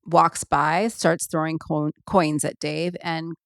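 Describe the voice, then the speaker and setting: A woman's voice: deep voice, flat delivery, slow pace, creaky, a bit bright, no room sound, studio quality. A woman hosting a solo podcast, chatting casually and rambling with many ums and asides. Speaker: podcast host.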